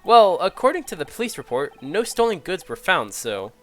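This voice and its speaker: An earnest young defense lawyer speaking politely and carefully, with a touch of doubt, read out by a man. The voice stays close to a plain speaking voice, with a lively pitch that rises and falls. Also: moderate pace, faint music behind. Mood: measured.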